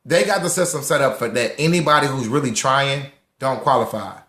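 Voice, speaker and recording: A young man hosting a live talk room on money, lively and preachy, repeating lines for emphasis and greeting listeners by name. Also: medium pitch, a little fast, echoey room. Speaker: host of a live social audio room on personal finance.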